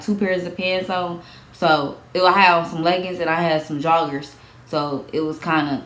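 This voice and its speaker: A young woman telling a storytime vlog in a casual, animated way, repeating herself, swearing and laughing as she goes. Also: on the low side, roomy sound, slight background noise. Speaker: vlogger.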